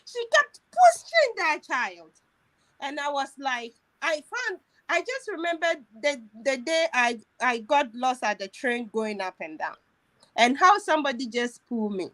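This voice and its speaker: A woman's voice: sits high, very animated, unhurried, fairly bright tone. A woman telling a personal story in casual chat, emotional and laughing as she goes, with many restarts. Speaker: host.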